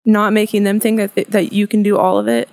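A woman's voice: medium pitch, brisk, darkish tone. A woman mentor speaking earnestly and directly in a casual talk about teaching kids. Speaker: podcast guest and youth mentor. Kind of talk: casual discussion.

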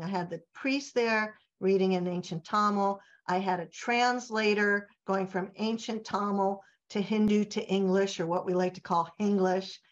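Middle-aged woman author as interview guest, animated storyteller, slightly dull lo-fi audio. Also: mid-range voice. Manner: animated anecdote telling, acting out quoted voices.

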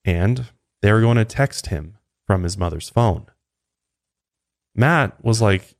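A man hosting a podcast, narrating a true crime case in a steady, casual way with occasional asides to a co-host. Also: low-pitched, a little slow.

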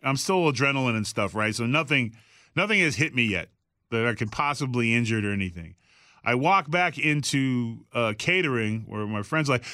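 A middle-aged man spins a story in casual talk, lively and full of acted-out voices and curses. His tone is bright and forceful. The sound is close and dry. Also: medium pitch, moderate pace, dry recording. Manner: animated, acts out voices in quotes, swears freely. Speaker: guest telling a backstage story.

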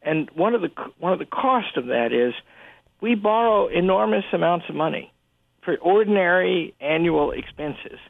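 A man speaking as a guest on a radio discussion, animated and prone to restarts as he tells stories and argues. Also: normal speed, gravelly, no room sound. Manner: animated storyteller, lively pitch, frequent restarts. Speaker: guest commentator. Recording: phone-line quality, dry.

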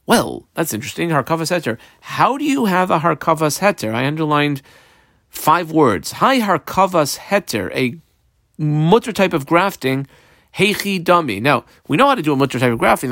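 A man's voice: mid-range voice, a bit bright, no echo. Man teaching Talmud, methodical and dry. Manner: reads Hebrew and Aramaic phrases, then translates each in plain talk; methodical, marks punctuation and notes aloud. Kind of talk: line-by-line Talmud study lesson.

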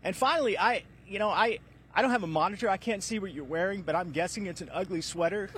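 A man with a high voice reports live from the golf course. He moves briskly through stats and answers teasing with dry jokes. A faint outdoor ambience hangs behind him. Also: a bit bright, slight background noise. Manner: stat-heavy, brisk, dry joking.

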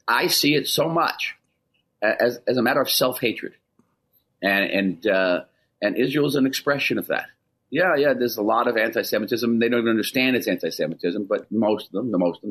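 Husky, emphatic male interview guest. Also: fairly low pitch. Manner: emphatic and insistent, with frequent restarts. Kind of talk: radio interview.

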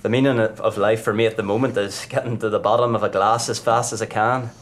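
A man's voice: fairly low pitch, steady tone, fast talker, lightly acted. A man playing a hard-drinking 24-year-old footballer star tormented by fame, in a live stage play performed in a pub. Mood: boastful bitter. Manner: bitter, self-mocking, brooding.

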